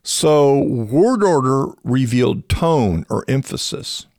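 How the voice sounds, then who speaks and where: A man teaching in a conversational podcast style, animated and rising in pitch when he stresses a point, often restarting phrases and slowing down to explain. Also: no echo, studio quality. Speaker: biblical scholar teaching on a podcast.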